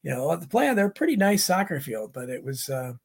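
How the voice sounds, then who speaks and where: A man's voice: a little high, very animated, fairly quick, vocal fry, a little hiss or hum. A middle-aged man from the United States hosting a livestream, reading viewer comments and rambling through anecdotes with many restarts. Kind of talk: casual rambling chat.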